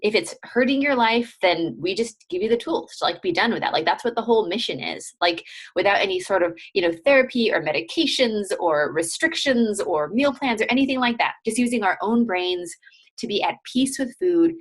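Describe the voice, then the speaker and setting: A woman's voice: medium pitch, lively intonation, brisk, husky. A woman lifestyle coach hosting an interview, upbeat and gushing, with frequent "like" fillers.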